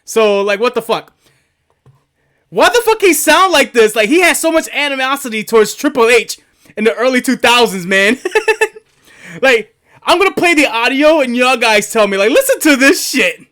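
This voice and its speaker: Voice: medium pitch, expressive, moderate pace, fairly bright tone. A streamer chatting casually, rambling, swearing and laughing often while setting up a video.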